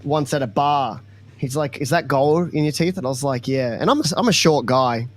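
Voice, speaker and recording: A man in casual podcast chat, telling stories in a relaxed way and laughing through his anecdotes. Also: medium pitch, a little fast. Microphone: studio podcast mic.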